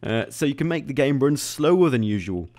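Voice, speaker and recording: Chatty, excitable man narrating gameplay. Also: medium pitch, brisk. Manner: excitable and chatty, laughing often. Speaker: YouTube gaming host. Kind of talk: casual gameplay commentary.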